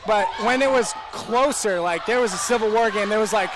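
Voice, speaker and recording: A man's voice: high-pitched, fairly quick, noisy background. A man calling a college volleyball match in a casual, jokey, rambling way. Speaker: play-by-play commentator. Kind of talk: casual sports commentary.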